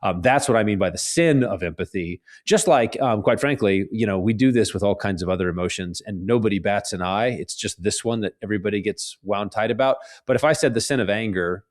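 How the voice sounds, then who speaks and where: A man, a guest author, talking earnestly in an interview, animated and often restarting his sentences. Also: on the low side, a little fast, hardly any pauses. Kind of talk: conversational interview.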